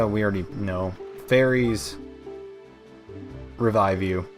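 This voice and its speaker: A man's voice: on the low side, lively intonation, unhurried, long pauses, faint music behind. A young man hosting a let's play, chatting in a rambling, self-mocking way with many fillers. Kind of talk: gameplay commentary.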